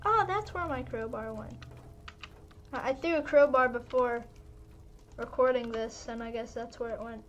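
A woman's voice: on the high side, normal speed, long pauses, a bit bright, slight background noise. A woman narrating gameplay in a rambling casual way, restarting sentences and dropping in pirate "yar" fillers. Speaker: gaming video narrator.

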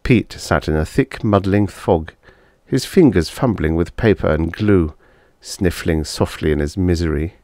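Man reading a sci-fi story, deep-ish voice, dry sound. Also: dark tone, no room sound. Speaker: audiobook narrator. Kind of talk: scripted narration.

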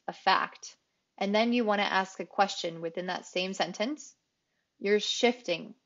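A woman English teacher explaining grammar rules in a clear, explanatory way, repeating key phrases for emphasis. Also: mid-range voice, fairly bright tone, highs cut off. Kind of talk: grammar lesson.

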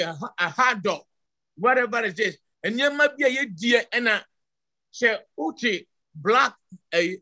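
Ghanaian man, 60s, emphatic church speaker, high bright tone, dry close sound. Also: dry recording. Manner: emphatic, mixes English words into his talk. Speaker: church member giving a response. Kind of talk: impassioned church discussion.

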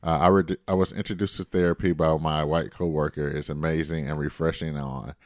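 Deep-voiced guy cohosting a podcast, reading listener mail, chill, dry close mic. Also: brisk, no room sound. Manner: relaxed, easygoing, brief agreeing replies. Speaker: podcast co-host. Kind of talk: casual chat and reading listener letters.

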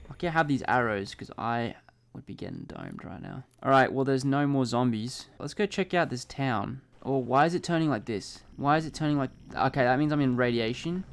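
A young man giving excitable, sweary let's-play commentary, quick to panic. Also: medium pitch. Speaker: gaming YouTuber.

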